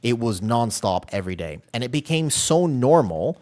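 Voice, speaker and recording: A male streamer talking off the cuff while he plays, drifting from one story to the next and answering his chat as he goes. His pitch sits in the middle but jumps around a lot. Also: very animated, moderate pace, darkish tone. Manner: rambling, chatty, reacts to chat. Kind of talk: casual chat while gaming.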